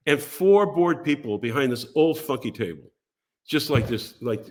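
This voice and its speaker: Lively older man telling a story. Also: medium pitch, normal speed. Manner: lively, acts out voices and quotes in his stories. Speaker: guest. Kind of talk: animated storytelling.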